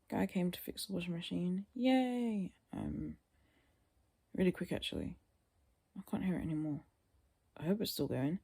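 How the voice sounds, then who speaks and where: Tired young woman vlogger rambling, half asleep, bit of vocal fry, dark mellow voice. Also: on the low side. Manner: rambling, tired, trailing off into mutters. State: sleepy, yawning. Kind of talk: casual chat to camera.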